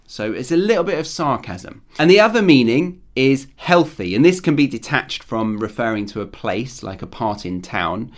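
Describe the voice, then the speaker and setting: A man hosting an English vocabulary lesson, explaining words clearly with examples in a friendly, teacherly way. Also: medium pitch, very animated, normal speed, hardly any pauses.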